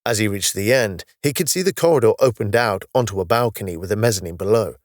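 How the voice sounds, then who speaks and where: A man narrating a science-fiction audiobook in a steady, even storytelling manner. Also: fairly low pitch, quick pace, no room sound, clean studio sound.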